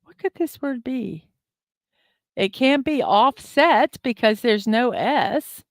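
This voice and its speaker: A slightly high, animated female voice takes things slowly as she hosts a daily morning livestream, chatting over a word puzzle. She thinks aloud with many ums and uhs and reads out viewer comments; the desk microphone captures studio-quality sound with no echo.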